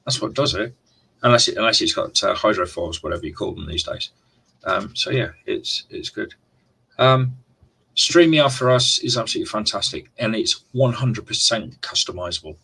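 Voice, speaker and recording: A low-voiced man hosts a casual live stream, chatting loosely to his viewers. His voice is husky yet bright and forceful, and his talk rambles with frequent restarts. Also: low-quality recording. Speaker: livestream host.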